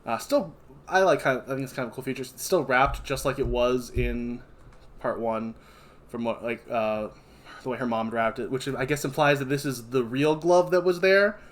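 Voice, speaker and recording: A man with a Kentucky accent talks through a movie's plot on a casual podcast. He rambles, stops to fix himself, and keeps going with plenty of ums. His voice sits at an ordinary middle pitch. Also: moderate pace. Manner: rambling, loose recap full of fillers and self-corrections. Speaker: podcast co-host recapping a film. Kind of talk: casual chat.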